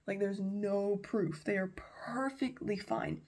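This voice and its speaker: A woman's voice: medium pitch, takes it slowly, a little mellow. A woman retelling a Bible story in a chatty, slangy way with lots of asides.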